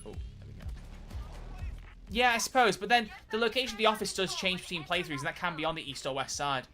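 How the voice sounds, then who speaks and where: A man's voice: high-pitched, steady tone, fast talker, pushed and bright, soft background music. A man live-streaming a game, chatting in a rambling, self-mocking way as he plays. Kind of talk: live gameplay commentary.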